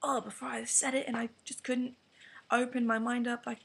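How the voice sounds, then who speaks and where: A woman's voice: fairly high pitch, little pitch movement, normal speed, creaky, slightly rough. Frank teen girl with an English accent. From England. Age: teens. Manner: rambling and frank, with frequent "like" and whispered asides. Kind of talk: candid vlog rant to camera.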